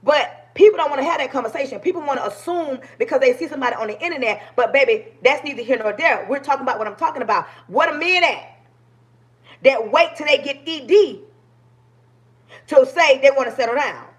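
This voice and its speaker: Woman in her forties, high-pitched voice, passionate livestream talk, preachy, straight into a phone. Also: brisk. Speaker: livestream host.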